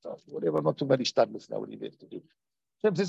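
A man teaching a Torah class in a lively way, acting out quoted voices and asking his listeners questions, on a dull lo-fi recording. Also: medium pitch, rapid-fire, gravelly, slightly rough, dry recording.

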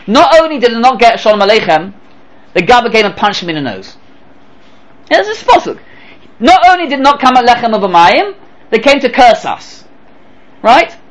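A man teaching a Torah lesson in an animated way. He throws out rhetorical questions and acts out short exchanges, his voice swinging from low to high. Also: low-quality recording. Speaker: rabbi. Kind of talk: Torah lecture.

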